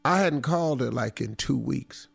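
A man's voice: mid-range voice, normal speed, creaky, slightly rough, no echo. A middle-aged man, hosting a radio talk show and telling a story with a playful, laughing manner. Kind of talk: storytelling banter.

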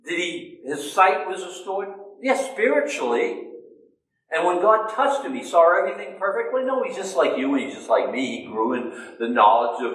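A man's voice: sits high, moderate pace. A man preaching a sermon in a loose, conversational way, asking himself questions and answering them. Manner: conversational, self-questioning, animated. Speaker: pastor. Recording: echoey room, mic at a distance.

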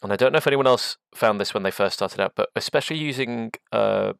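A man's voice: on the low side, quick pace, vocal fry, smooth, dry recording. A man hosting a casual podcast chat, thoughtful and searching for his words as he poses questions.

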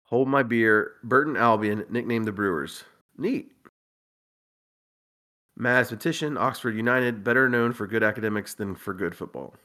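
A man hosting a casual podcast, reading a listener's list aloud with wry, deadpan asides and frequent chuckles. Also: medium pitch, moderate pace. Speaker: podcast host.

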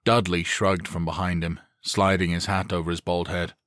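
A man narrating an action thriller audiobook in a steady, deliberate way. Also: sits low, no echo, studio quality. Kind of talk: scripted narration.

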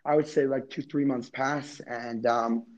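A man's voice: mid-range voice, steady tone, measured pace, low-quality recording. A man, a podcast guest, telling a story in a casual, rambling way with many "like" fillers. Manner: rambling, heavy use of "like".

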